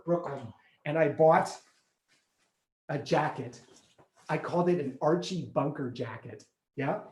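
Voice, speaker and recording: A man performing a one-man theatrical storytelling show, animated and acting out the people he describes. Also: on the high side. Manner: animated, acts out other people's voices. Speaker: solo stage performer. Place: theatre stage.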